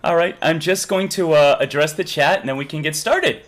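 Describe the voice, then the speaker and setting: A man's voice: on the high side, moderate pace. A man hosting a live stream in casual chat, joking and reading out the chat. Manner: jokey, reads chat aloud, laughs often.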